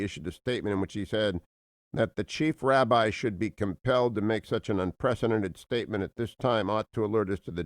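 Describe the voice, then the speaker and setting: Booming, theatrical talk radio man. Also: no room sound, studio quality. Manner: booming, theatrical, laughs at own jokes. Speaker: radio talk show host. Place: radio studio. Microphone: studio microphone.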